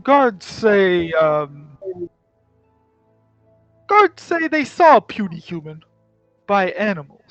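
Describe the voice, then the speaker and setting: A man voicing a proud, hot-headed male ogre councillor who talks loudly in broken grammar. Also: high-pitched, big pitch swings, slow, pauses often, no echo, soft background music, voice pushed up, exaggerated voice. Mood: gloating. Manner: loud, broken grammar, self-satisfied.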